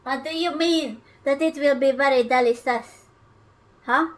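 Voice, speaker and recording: A woman's voice: high voice, unhurried. A woman livestreaming herself cooking, chatting casually in a playful, teasing way with her viewers from her kitchen. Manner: playful, teasing, jokey banter with chat. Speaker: streamer.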